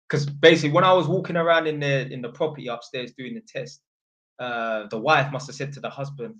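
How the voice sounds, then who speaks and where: A man with a London accent chats casually on a livestream, loose and rambling, full of street slang. His pitch sits at a middling level for a man, and he slips into other people's voices when he quotes them. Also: fast talker, a bit bright. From North London, England. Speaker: channel host.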